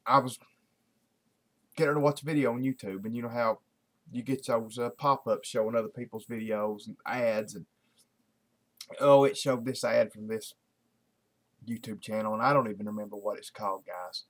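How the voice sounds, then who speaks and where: A man's voice: medium pitch, steady tone, normal speed, long pauses. A man, talking to camera in a casual, rambling daily video blog, full of fillers and restarts. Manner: folksy, repetitive, many fillers and restarts.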